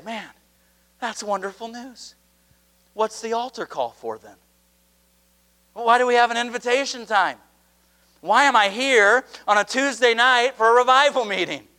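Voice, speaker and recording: Fervent high-voiced male preacher. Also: sharp tone. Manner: impassioned, rising to fervent climaxes with slowed emphatic phrases. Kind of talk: revival sermon. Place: church at an evening revival meeting.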